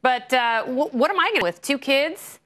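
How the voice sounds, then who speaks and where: A woman's voice: high voice, expressive, fairly quick, fairly bright tone. A woman hosting a TV panel show, flippant and joking as she moderates. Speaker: talk show host.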